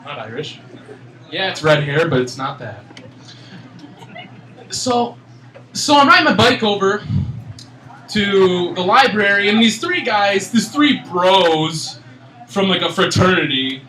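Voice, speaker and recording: A young man from Michigan in his twenties doing a stand-up comedy set, ranting in an exasperated, animated way. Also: high-pitched, slight background noise. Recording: echoey room, mic at a distance.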